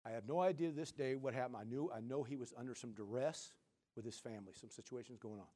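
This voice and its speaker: A middle-aged man preaching a sermon as senior pastor, swinging between loud, animated bursts and quiet asides while calling out to the congregation. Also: medium pitch, fast talker. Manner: calls out to the congregation.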